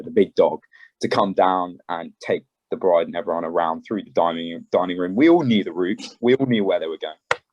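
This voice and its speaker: A man hosting a podcast, telling his own anecdote in a measured way and summing up the guest's point. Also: sits low, a little mellow, no echo, highs cut off. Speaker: podcast host. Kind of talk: casual conversation, anecdote.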